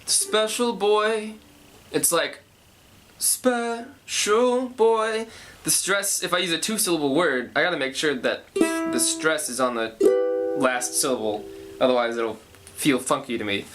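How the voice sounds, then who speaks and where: A young man with a fairly high voice talks casually through his songwriting, thinking aloud and often restarting his sentences. A ukulele plays faintly under his voice. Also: bright, forceful tone. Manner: thinking aloud, rambling, self-correcting. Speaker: songwriter explaining his process.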